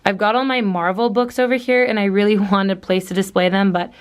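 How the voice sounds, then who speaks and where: A woman's voice: medium pitch, fairly even intonation, brisk, smooth. A young woman from Southern California chatting casually in a home vlog, rambling with lots of fillers and small laughs. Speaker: book vlogger. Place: at home indoors.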